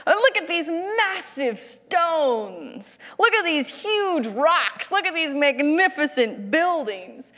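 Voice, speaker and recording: An eager male disciple gushes in a high, thrilled voice, as a woman preacher puts him on. The sound carries a long reverb, as if it were spoken in a large hall. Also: very animated, takes it slowly, few pauses, a bit bright, exaggerated voice. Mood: awed. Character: awed male disciple, eager to lift the mood.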